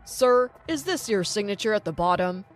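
A woman's voice: medium pitch, lively intonation, normal speed, soft background music, voice pushed down, close to an everyday voice. A woman voicing a male police officer who speaks formally and firmly. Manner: formal, firm.

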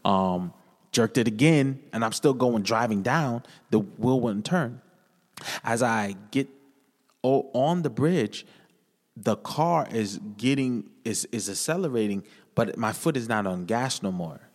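A man's voice: medium pitch, measured pace. A man on a podcast, earnestly telling his personal testimony in casual conversation, often repeating his phrases. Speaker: podcast guest. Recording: echoey room with long reverb.

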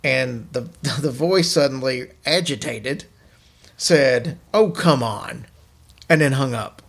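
A man's voice: medium pitch, takes it slowly, gravelly, fairly bright tone, slightly rough. A man hosting a podcast, casually telling spooky stories to his co-hosts. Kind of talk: casual storytelling chat.

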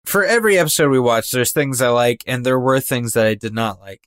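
A man's voice: medium pitch, brisk, fairly bright tone, no echo, clean studio sound. A man co-hosting a casual podcast, talking animatedly and mimicking voices for effect. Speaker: podcast co-host. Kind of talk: casual chat.

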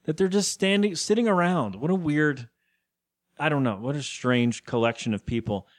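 A man's voice: fairly high pitch, normal speed. A young man co-hosting a podcast, rambling through a TV episode recap and acting out the characters' lines in put-on voices. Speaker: podcast co-host. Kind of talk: casual chat recapping a TV episode.

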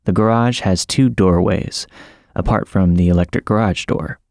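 A man narrating a scripted horror story in a measured, dramatic way. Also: deep voice, creaky, darkish tone, dry recording, studio quality. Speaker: podcast narrator.

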